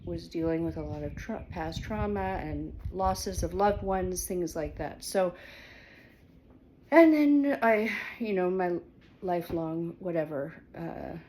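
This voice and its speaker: A woman's voice: lowish voice, takes it slowly, dark tone, slight background noise. A woman casually talking through her home kitchen in a rambling, hesitant vlog, with many fillers and restarts. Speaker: vlogger.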